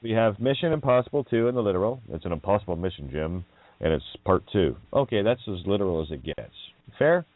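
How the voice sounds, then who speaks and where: Over a dry, tinny, phone-like line with no echo, a male radio host talks quickly in a lowish, very animated voice. His casual monologue rambles as he riffs on wordplay, chuckling often and swearing.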